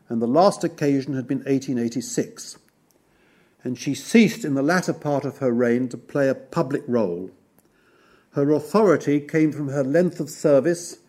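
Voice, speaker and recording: A man giving a formal history lecture, measured and wry, listing details one by one. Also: medium pitch, warm tone.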